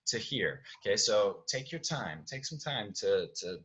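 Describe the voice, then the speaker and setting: A man's voice: lowish voice, big pitch swings, a little slow, fairly bright tone, breathy edge, highs cut off. A man directing actors from home, explaining stage blocking in a chatty way, often checking in with "okay?". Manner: chatty, keeps checking with "okay?", sings music cues. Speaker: theater director.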